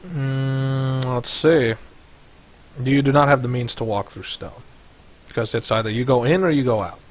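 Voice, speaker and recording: Over voice chat on a headset or desk mic, a man runs a tabletop game as game master. His medium-pitched voice keeps a measured pace, and he rambles with many fillers.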